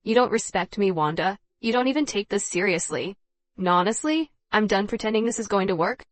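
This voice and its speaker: A woman voicing a fed-up husband who speaks quietly, steadily and firmly, in a dry recording. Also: mid-range voice, expressive, fairly quick, no room sound, close to an everyday voice. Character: calm, firm grown husband fed up with his wife.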